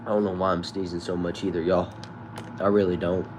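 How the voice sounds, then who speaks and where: A man's voice: low voice, flat delivery, fairly quick, background noise. A man casually chatting with his viewers and reading their comments aloud in laid-back slang. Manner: laid-back slangy talk, addresses viewers as y'all and bro. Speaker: streamer reading chat. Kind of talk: casual live chat.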